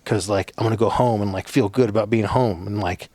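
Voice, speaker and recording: A man's voice: fairly low pitch, fairly even intonation, brisk, darkish tone, dry recording. A man from a Navajo reservation, a podcast guest, telling stories in a rambling casual way with lots of fillers and cursing. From Navajo reservation, United States. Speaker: podcast guest, former soldier. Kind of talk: casual storytelling.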